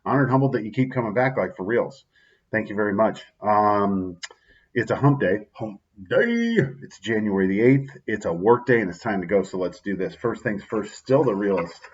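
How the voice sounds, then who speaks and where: A man with a very low voice talks his way through a daily motivational video in a relaxed, heartfelt manner. He sounds upbeat and sincere, and he keeps checking in with "right?" as he goes. The recording is a little dull and lo-fi. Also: fairly quick. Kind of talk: casual spoken reflection.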